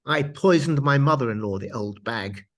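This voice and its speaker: A man's voice: medium pitch, lively intonation, moderate pace, fairly bright tone, natural voice. A man putting on the posh voice of a bitter female prisoner, indignant and aggrieved.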